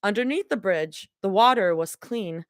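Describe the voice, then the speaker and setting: A woman reads a fan story aloud on a live stream, often breaking off into chatty, laughing asides. Her pitch swoops around animatedly, and the sound is close and dry with no room around it. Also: animated, moderate pace, no room sound. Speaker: livestream reader. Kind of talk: live reading of fan fiction with commentary.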